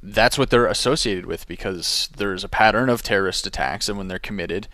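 Low-voiced hesitant radio co-host. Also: male voice, brisk, bright, forceful tone, no room sound. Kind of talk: talk radio conversation.

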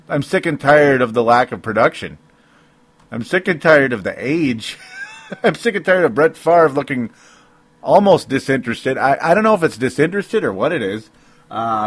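A man giving a solo sports opinion podcast, rambling and interrupting himself with frequent rueful laughs. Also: medium pitch. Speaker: sports commentator.

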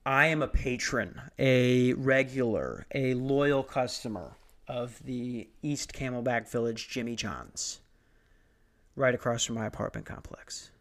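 A man's voice: mid-range voice, unhurried, a bit bright. A young man doing stand-up, telling a story in a profane, sarcastic rant. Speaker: stand-up comedian.

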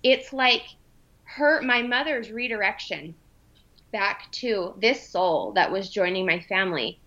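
A woman's voice: medium pitch, a little slow, bright, forceful tone. A young adult woman telling an emotional personal story in casual conversation, acting out the voices of people she quotes. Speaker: podcast guest. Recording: dull lo-fi sound.

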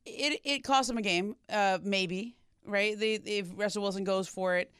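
Smooth-voiced sports commentator. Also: mid-range voice, normal speed, fairly bright tone, no echo, studio quality. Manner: reflective, explanatory. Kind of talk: casual sports talk.

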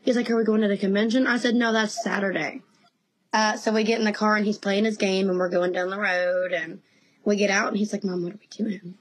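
A woman in her thirties, a guest in a casual interview, telling animated stories and laughing often. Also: medium pitch, brisk, low-quality recording.

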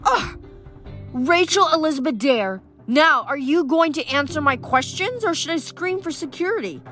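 Storybook teen girl , played by a woman reader: brash, blunt, machine-gun questions, pitched up high, soft music under. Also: lively intonation. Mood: indignant. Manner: fast, blunt, exasperated questioning. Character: brash, chatty teenage girl, rapid-fire questioner.

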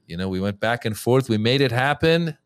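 A man, a guest comedian on a podcast, riffing and joking in casual chat, getting louder and higher when excited. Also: fairly quick, clear, resonant tone, no echo, studio quality.

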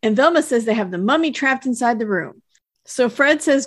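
A woman's voice: normal speed, no echo. Woman recapping a cartoon plot. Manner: steady storytelling recap, dry humor, lifts her pitch for quoted characters. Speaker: podcast co-host recapping a cartoon. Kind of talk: casual chat.

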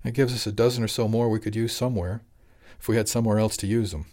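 A man's voice: lowish voice, steady tone, fast, mellow, close to an everyday voice. A man doing a weary fleet boss.

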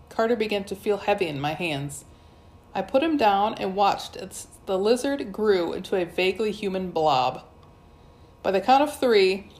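A woman reading a first-person adventure story aloud with lively storytelling. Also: medium pitch. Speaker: audiobook narrator. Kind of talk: first-person audiobook narration.

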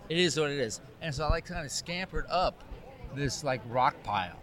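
A man, a photographer, telling an animated anecdote in casual chat, acting out the dialogue. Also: fairly high pitch, moderate pace. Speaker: cycling photographer.

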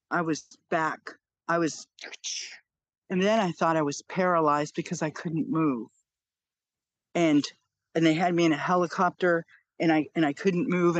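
A woman's voice: low voice, no echo. A woman in her fifties, a podcast guest, earnestly telling a personal story and repeating phrases for emphasis.

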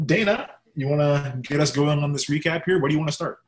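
A man's voice: on the high side, quick pace. Man, podcast host, casual chat, joking, easygoing. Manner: relaxed, joking, leads the talk.

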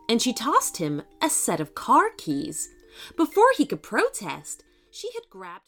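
A woman host narrating a children's story with plenty of expression. Her voice sits slightly high and swings widely in pitch. Faint music plays underneath. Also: wildly swooping pitch, slow, fairly bright tone.

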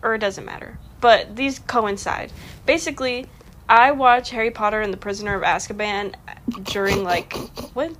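Soft, hesitant young woman. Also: mid-range voice, moderate pace, slight background noise. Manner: soft-spoken, hesitant, with trailing fillers. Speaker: podcast co-host. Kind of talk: casual chat.

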